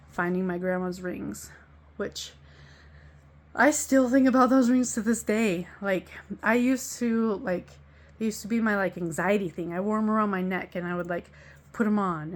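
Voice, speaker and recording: A woman speaking candidly to the camera about a painful breakup. She is emotional and blunt, swearing freely and letting out small laughs to cover the hurt. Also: mid-range voice. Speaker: vlogger. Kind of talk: candid personal storytelling.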